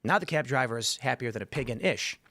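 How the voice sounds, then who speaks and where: A man's voice: medium pitch, animated, fast, sharp tone, no room sound. A male show host chatting in a studio, a rambling storyteller who acts out the voices of people in his stories. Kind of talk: casual studio chat.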